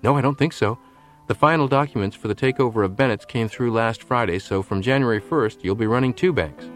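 A man's voice: mid-range voice, brisk, soft background music, close to an everyday voice. A man voicing a helpful female bank secretary with a matter-of-fact manner.

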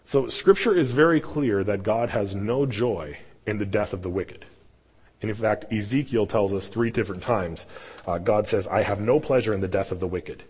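A man's voice: on the low side, a little mellow, slightly rough, long reverb tail. A man preaching a sermon as pastor, talking in a loose, conversational way with restarts and emphatic stresses. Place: church sanctuary.

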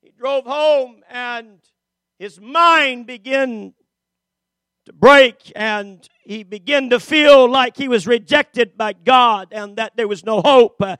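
Brief: male preacher, very high voice, dry close sound, dramatic storytelling with shouts and hushes. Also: takes it slowly, clean tone, dry recording. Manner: dramatic, rises to shouts then drops low; many fillers and repeated starts. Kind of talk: sermon storytelling.

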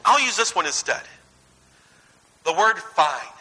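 Male preacher, 30s, high and very bright voice, chatty anecdotal sermon delivery. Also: slow, slightly rough, low-quality recording. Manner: conversational, anecdotal, swings between lively and hushed.

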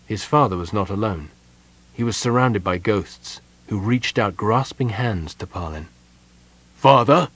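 A husky, lowish male voice carries a fantasy audiobook narration. The storytelling is steady and measured.

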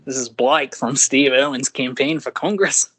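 A man voicing an upbeat male Australian campaign caller, with an Australian accent and a chirpy scripted sales pitch. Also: normal speed, a bit bright, slightly rough.

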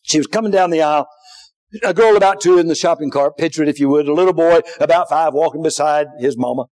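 High-voiced preacher swinging to shouts. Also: male voice, fast talker. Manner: swings from hushed to shouting, folksy asides. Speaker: pastor. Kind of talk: sermon. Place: church sanctuary.

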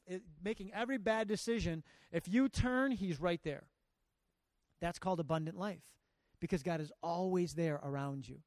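A man's voice: high-pitched, dry recording. A middle-aged man preaching a sermon, earnest and emphatic, with a conversational, storytelling delivery. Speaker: pastor.

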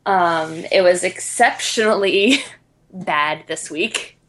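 A woman's voice: fairly low pitch, slow pace. A woman hosting a podcast in casual chat, enthusiastic and laughing often. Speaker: podcast co-host.

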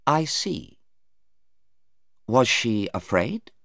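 A man's voice: medium pitch, sing-song, very slow, vocal fry, fairly bright tone, no echo, studio quality, voice pushed up, full character voice. A man reading aloud voices a probing male defence lawyer, pressing his questions home. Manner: pointed, insistent questioning. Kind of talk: read-aloud storybook dialogue.

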